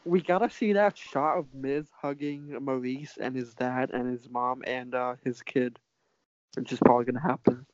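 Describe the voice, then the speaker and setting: A man's voice: mid-range voice, steady tone, moderate pace, no room sound, dull audio. A man co-hosting a wrestling podcast, cutting in with jokes in casual chat. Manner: joking, interjecting. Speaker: podcast co-host.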